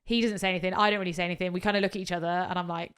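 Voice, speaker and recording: A woman tells a story in a casual podcast chat. She is animated and swears freely. She acts out what other people said along the way. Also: fairly low pitch, rapid-fire, smooth. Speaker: podcast co-host.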